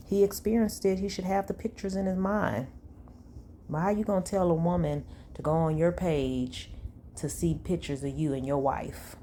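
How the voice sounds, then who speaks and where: A woman's voice: on the low side, mellow, slight background noise. A woman reading text messages aloud and adding her own sassy, blunt asides in a conversational way. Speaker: commentary channel host. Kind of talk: reading texts aloud with commentary.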